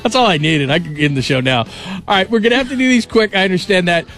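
A man's voice: high voice, expressive, fast talker, a bit bright, soft background music. Enthusiastic male sports radio host. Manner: upbeat, enthusiastic praise. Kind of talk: casual sports talk radio.

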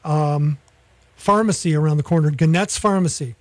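Casting: middle-aged male radio host, high voice, rambling nostalgic chat, dry close mic. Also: normal speed, no echo. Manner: rambling, nostalgic, chatty with restarts. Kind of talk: casual local radio chat.

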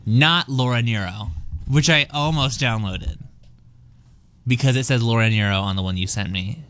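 A man's voice: medium pitch, moderate pace, a bit bright. Jokey man riffing with a friend. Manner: jokey, riffing, self-deprecating asides. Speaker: co-host. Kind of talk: casual chat.

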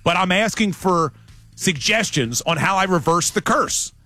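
Man, sports radio host, animated, emphatic, bright tone, lively pitch. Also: unhurried, faint music behind.

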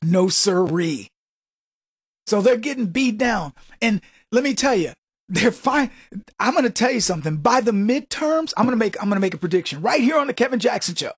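A man's voice: high-pitched, expressive, normal speed, husky, no echo, studio quality. A man hosting a talk radio show, brash and mocking, who laughs often and acts out other people's voices. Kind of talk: conservative talk radio monologue.

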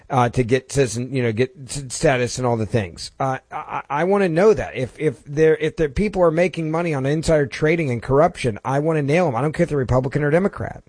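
A man's voice: medium pitch, darkish tone, dry recording. A man hosting a talk radio show, speaking emphatically with frequent restarts and repetitions. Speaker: fill-in radio talk host. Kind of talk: talk radio monologue and caller chat. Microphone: studio mic.

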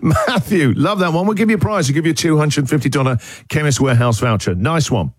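A male radio host chats with callers in a jokey, teasing way. His voice sits a little high and swings up and down with energy. The studio sound is dry and close. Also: lively intonation, no room sound. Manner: jokey, quick to laugh and tease callers. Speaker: radio breakfast show host. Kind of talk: lively call-in chat.

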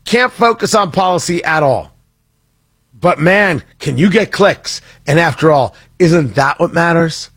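A male talk radio host with a slightly husky voice, recorded close and dry in a studio booth. He talks through political news in a mocking, sarcastic tone, doubling back on his words as he goes. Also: on the high side, expressive, measured pace, fairly bright tone, no room sound. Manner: sarcastic, mocking, with frequent restarts.

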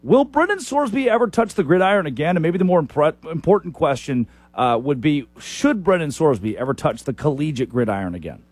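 A man's voice: a little high, big pitch swings, fairly quick, few pauses, slightly rough, no room sound. Casual male sports radio host. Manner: casual, joking, laughs often. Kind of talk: sports talk radio hosting.

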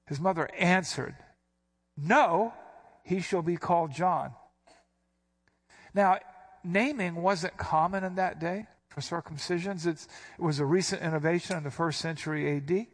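Emphatic man teaching scripture. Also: on the high side. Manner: emphatic, repeats quoted lines with sharp stress. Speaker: preacher. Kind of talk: verse-by-verse Bible teaching.

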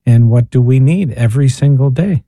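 Earnest priest with a mellow voice. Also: male voice, mid-range voice, normal speed, no room sound. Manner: earnest, preachy, with rhetorical questions. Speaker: priest and spiritual director guest. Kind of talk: radio talk reflection. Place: radio studio.

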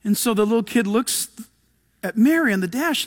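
A man preaching a sermon, swinging between loud urgent appeals and hushed asides, acting out little quotes as he goes. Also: sits high, lively intonation, fairly quick. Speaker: pastor.

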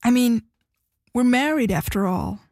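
A woman's voice: a little high, lively intonation, unhurried, a little mellow, dry recording. Woman reader doing a needy, whining young husband; pleading tone, dry booth sound. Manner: whiny, pleading. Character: pouting, needy young husband, self-pitying.

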